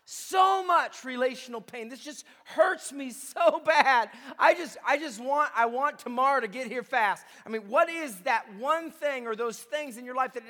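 A man's voice: very high voice, bright, forceful tone. A man preaching a sermon as a pastor, speaking with impassioned emphasis. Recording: long reverb of a large hall.

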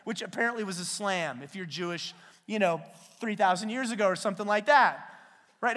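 A man preaching a sermon as a pastor, retelling scripture as a lively, slangy story. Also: sits high, brisk. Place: church sanctuary. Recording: long hall reverb in a church.

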